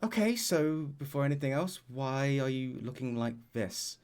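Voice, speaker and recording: A man narrating as dungeon master in a tabletop game, setting scenes in a measured way with frequent fillers. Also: medium pitch, animated, a little mellow, clean tone.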